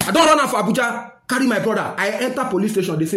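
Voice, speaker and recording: A man's voice: very high-pitched, lively intonation, quick pace, hardly any pauses, a bit bright, reverberant, slight background noise. A man with a Nigerian accent giving a fiery, scolding rant to camera, slipping into Pidgin. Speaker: social commentator.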